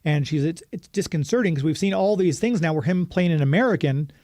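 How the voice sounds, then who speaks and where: A man's voice: on the high side, expressive, fairly quick, mellow, no echo, clean studio sound. A man co-hosting a podcast, talking about movies in an easygoing way, thinking aloud with lots of fillers. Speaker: podcast co-host. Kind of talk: casual movie review chat.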